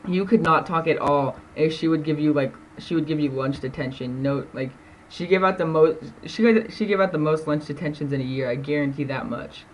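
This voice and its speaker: A teenage boy vlogging to camera rambles through stories from school, with lots of fillers and laughter between sentences. His voice is on the high side and fairly quick, and the audio is poor with slight background noise.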